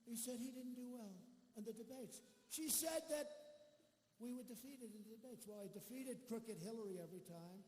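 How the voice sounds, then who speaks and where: At a campaign rally, a man with an extremely high-pitched, darkish voice keeps a moderate pace as he boasts and rambles, throwing mocking asides to the arena crowd. The recording sounds echoey, with a faint murmur of the crowd.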